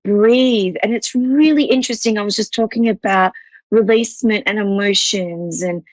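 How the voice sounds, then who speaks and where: A woman's voice: mid-range voice, moderate pace, no room sound, rough recording. An Australian woman hosting a psychic call-in show, with a voice that sits in the middle of the range. She rambles reassuringly and often restarts her sentences. The sound is dry and close to the mic. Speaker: psychic medium host.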